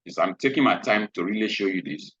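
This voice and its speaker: A man's voice: sits low, expressive, fast, fairly bright tone, breathy edge, no room sound. A man giving a screen-share trading lesson, repeating his points and often checking in with "hmm?". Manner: repetitive, checks in with frequent "hmm?". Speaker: trading instructor. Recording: dull lo-fi recording.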